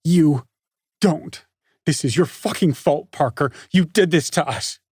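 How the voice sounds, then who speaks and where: Brief: male narrator voicing a hysterical teenage girl, shrieking rage, husky strained tone. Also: slow, a little mellow, no room sound, studio quality. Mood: furious screaming. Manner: screaming, high-pitched, spitting rage.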